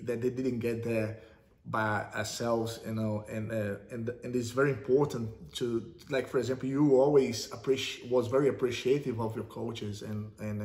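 Chatty man, roomy echo. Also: mid-range voice. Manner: relaxed, chatty, peppered with "you know" and "man". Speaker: interviewer, host. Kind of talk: casual interview chat.

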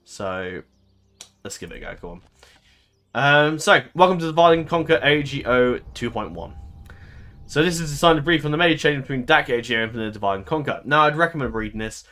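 A man's voice: medium pitch, animated, a little fast, bright, forceful tone. Rambling man narrating a strategy game. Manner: rambling, full of ums and self-corrections. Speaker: gaming channel host. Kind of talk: casual strategy game commentary.

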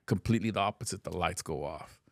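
A middle-aged man tells a wild story as a podcast guest, swearing freely and building suspense in an animated way. His voice is very deep, and it is recorded dry and close on a studio podcast mic. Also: fast talker, gravelly, no echo. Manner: animated, profane, vivid storytelling. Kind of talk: casual storytelling.

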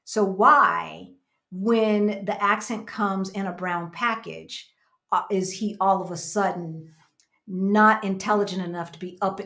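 Unhurried and forceful, her mid-range voice is creaky yet bright, with fairly even intonation. The American co-host, in her fifties, shares reflective stories and reads viewer comments during a relaxed livestream chat.

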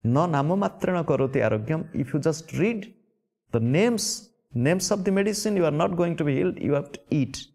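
An Indian-accented man delivers a spiritual sermon in a somewhat higher voice. He repeats key words for emphasis and questions his listeners directly. He sounds middle-aged and earnest. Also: expressive, normal speed, vocal fry, darkish tone. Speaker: spiritual teacher.

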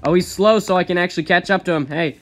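Excitable man narrating his gameplay. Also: fast talker, background noise. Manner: excitable, rambling, laughs often, jumps to high yelps. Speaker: gaming channel host. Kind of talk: casual gameplay commentary.

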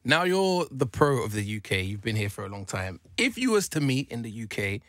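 A man's voice: mid-range voice, very animated, brisk, a bit bright, dry recording, clean studio sound. A man co-hosting breakfast radio, chatty and playful, asking a guest questions. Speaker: radio co-host.

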